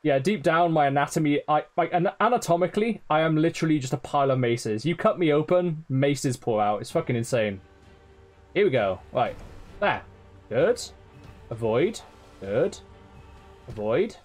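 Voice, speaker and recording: A man's voice: a little high, expressive, moderate pace, darkish tone, soft background music. A man streaming a game live, swearing often, laughing and teasing his chat. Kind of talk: live gameplay commentary.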